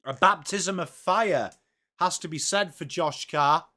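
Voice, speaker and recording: Hosting a football watchalong livestream, this Englishman has a slightly high voice that sounds pushed and bright, and he takes his time. His chat is casual and cheerful as he welcomes viewers by name.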